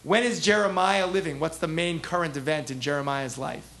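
A man teaching a text class as a rabbi, animated, asking the class questions and acting out the prophets' voices. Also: on the high side, fairly quick. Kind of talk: interactive text lesson.

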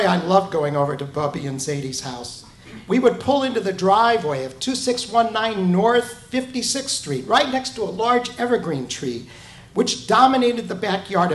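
A man from Omaha, Nebraska, reading his own memoir aloud to a live audience with an expressive storytelling delivery. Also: sits high. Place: event room with an audience. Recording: roomy, echoey hall.

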